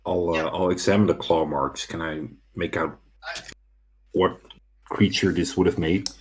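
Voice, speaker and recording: A man's voice: sits low, fairly even intonation, unhurried, husky, poor audio. A man playing a tabletop game, talking in a plain, matter-of-fact way. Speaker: player. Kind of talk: casual game chat.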